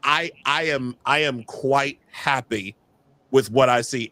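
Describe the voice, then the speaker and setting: A man hosting a podcast in casual chat, animated and excitable, often repeating words. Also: medium pitch, slow pace, dry recording. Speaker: podcast host.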